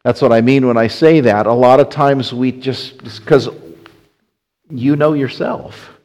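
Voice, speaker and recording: A man's voice: mid-range voice, unhurried, a little mellow, low-quality recording. A man preaching in a church, talking in a conversational way, restarting phrases often as he explains. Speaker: pastor. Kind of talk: sermon.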